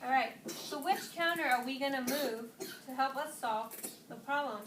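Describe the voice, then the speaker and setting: A woman's voice: sits high, moderate pace. A woman teacher in a classroom, asking questions and praising her students. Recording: distant echoey classroom, clear noise.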